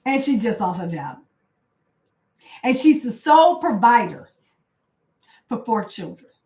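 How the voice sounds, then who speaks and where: A woman's voice: a little high, sing-song, unhurried, a little mellow, reverberant. A woman coach talking casually and with passion, full of fillers and rising indignation. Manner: passionate, conversational, many fillers. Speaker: coach and host. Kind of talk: casual motivational talk.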